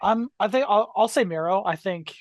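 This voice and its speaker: A man's voice: high voice, normal speed. A man co-hosting a casual wrestling podcast, hesitant and restarting sentences. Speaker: podcast co-host.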